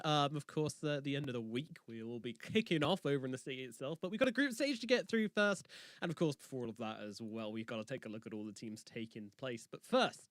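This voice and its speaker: A man's voice: mid-range voice, quick pace, fairly bright tone, dry recording. A man hosting an esports broadcast from a studio, upbeat and bantering with his co-host.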